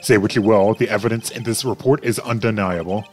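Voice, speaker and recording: A man's voice: on the low side, steady tone, brisk, faint music behind, natural voice. A man voicing a smug prosecutor. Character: smug, arrogant male prosecutor. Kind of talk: let's play voice acting.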